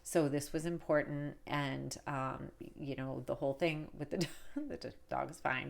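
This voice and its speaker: A woman in her forties with a low voice and a gravelly edge talks straight to camera. She is candid and chatty and laughs often as she tells her story. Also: unhurried. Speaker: wedding cake business owner and coach. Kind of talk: casual vlog storytelling.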